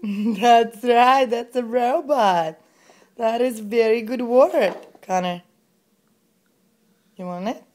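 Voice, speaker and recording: A woman's voice: fairly high pitch, slow pace, pauses often, a little mellow. A pregnant mother filming at home, coaxing her toddler with sing-song, encouraging questions.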